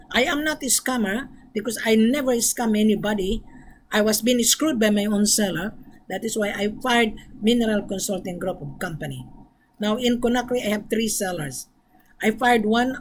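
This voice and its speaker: Fairly high-voiced woman broker, blunt and frank, lectures buyers straight to camera. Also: poor audio. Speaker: gold trade broker. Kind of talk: direct-to-camera business monologue.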